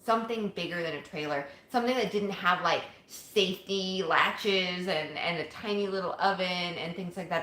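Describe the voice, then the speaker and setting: A woman's voice: on the low side, fairly bright tone, echoey room, a little hiss or hum. A woman co-hosting a casual livestream, chatting and laughing about homestead life. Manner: chatty, laughs often, explains in long runs.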